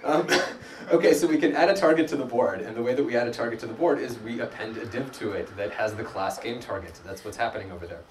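A man's voice: lowish voice, steady tone, quick pace, hardly any pauses, crowd noise. A man giving a live coding talk at a meetup, chatty and self-deprecating, heard through a distant mic in a room with an audience. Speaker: conference speaker. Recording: echoey room, distant mic, background noise.

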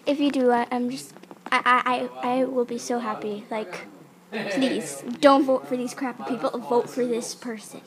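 A young woman talking excitedly in a casual vlog, rambling with lots of fillers and restarts. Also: fairly high pitch, moderate pace, crowd noise. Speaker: YouTuber. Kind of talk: casual screen-recorded vlog.

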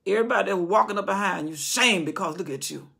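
A woman's voice: mid-range voice, fast talker, gravelly, fairly bright tone, slightly rough, pitched below the performer's own voice. A woman voicing a scolding male army captain who bluntly rebukes his king in a Bible retelling.

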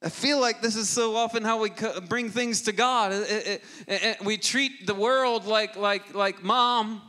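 A man preaching a sermon as lead pastor, moving from a family story to forceful exhortation. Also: sits high, a little slow. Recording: long hall reverb with loud music beneath. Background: loud guitar music.

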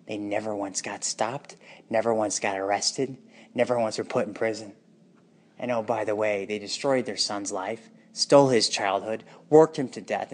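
This is a raw personal monologue from a man with a mid-range voice. He sounds anguished, bitter and emotional, swinging from hushed to intense.

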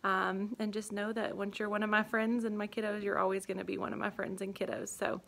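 A young woman teacher in an empty classroom, speaking an emotional farewell to her students and holding back tears, with many pauses and ums. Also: medium pitch, level tone, gravelly, fairly bright tone. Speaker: third grade teacher. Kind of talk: heartfelt farewell video message.

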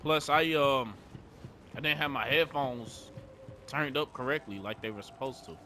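A man's voice: mid-range voice, measured pace, sharp tone, a little hiss or hum. A young man giving laid-back, chatty gameplay commentary, swearing often and talking to his viewers. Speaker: gaming streamer.

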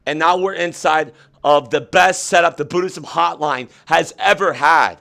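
A man hosting a comedic livestream with a slightly high voice. He talks in an excitable, mock-earnest way and keeps repeating himself to make his point. He comes through a webcam setup. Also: a little slow, gravelly. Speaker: host.

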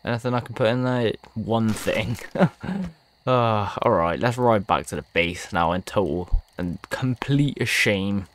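A man's voice: lowish voice, measured pace. A young man giving let's-play commentary to his viewers, frustrated and swearing often. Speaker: gaming video creator.

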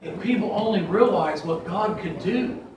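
A man delivers an emphatic, folksy sermon, his voice sitting high and bright. He is picked up from a distance in a church sanctuary with heavy echo and a faint hiss underneath. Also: moderate pace. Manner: folksy, emphatic preaching with scripture quotes. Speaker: pastor. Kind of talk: fiery sermon.

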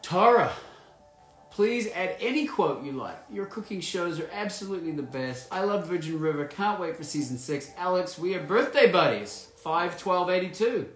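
A man's voice: sits high, animated, normal speed, fairly bright tone. A man chatting casually and playfully while signing autographs and reading fan messages aloud. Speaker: actor signing autographs for fans. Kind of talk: casual live signing chat. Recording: roomy echo.

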